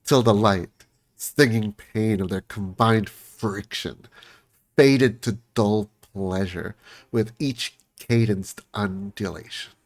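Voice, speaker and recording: Game streamer, man, low-pitched, chatty and amused. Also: slow. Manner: chatty, amused, laughs often. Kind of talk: casual gameplay commentary.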